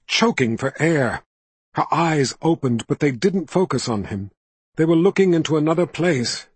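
A man narrating a fantasy novel as an audiobook, telling the story in a measured, steady way. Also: a little high, slightly rough, no echo.

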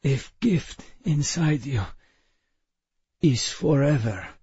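A man voicing a frail, dying Russian man with a thin, rasping croak and a Russian accent, reading an audiobook. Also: fairly high pitch, lively intonation, slow, dark tone, dry recording, dull audio, heavily acted. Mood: weak, dying.

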